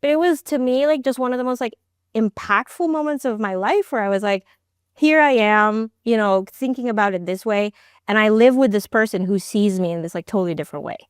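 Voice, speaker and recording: Animated woman telling a personal story. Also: a little fast, clear, resonant tone, no echo, clean studio sound. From immigrated to the United States. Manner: animated, acts out quoted dialogue with big pitch jumps. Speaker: podcast guest, startup founder.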